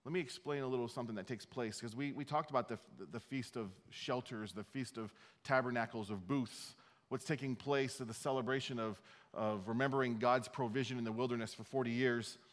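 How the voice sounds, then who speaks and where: A man's voice: medium pitch, steady tone, brisk, big-room sound. A man preaching a sermon as pastor, talking conversationally, restarting his phrases and reading scripture aloud.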